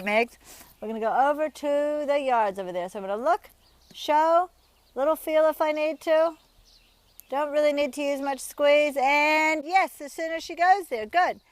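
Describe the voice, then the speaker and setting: There's no echo on this high-voiced woman, a riding instructor teaching outdoors on horseback at a rural yard. She chats warmly and illustrates her points with everyday examples.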